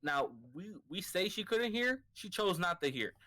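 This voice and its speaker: A man's voice: high voice, animated, moderate pace, sharp tone. A man co-hosting a podcast in casual chat, laughing often and poking fun at himself. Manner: giggly, self-deprecating. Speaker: podcast co-host.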